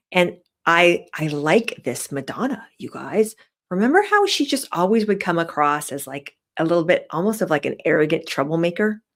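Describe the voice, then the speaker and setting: A woman with a very low voice talks straight to her viewers in a casual vlog. Her commentary is chatty and opinionated, full of fillers. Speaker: vlogger.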